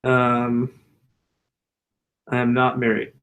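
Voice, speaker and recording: A man's voice: mid-range voice, monotone, takes it slowly, fairly bright tone. Laid-back, swearing male surgeon host. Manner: profane, loose storytelling. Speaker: general surgeon hosting a Q&A. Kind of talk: casual Q&A chat.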